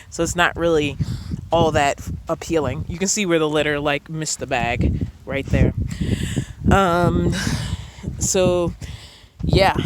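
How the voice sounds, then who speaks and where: Woman chatting at her van campsite, lots of ums, kinda rambly, loud background noise outside. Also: low voice. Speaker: van-dwelling vlogger. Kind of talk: casual chat. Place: outdoor desert campsite beside a van.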